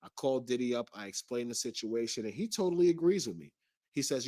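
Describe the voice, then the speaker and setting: A man's voice: medium pitch, animated, fast, dark tone, no room sound, clean studio sound. A man as an interview guest, recounting a personal story in an earnest way.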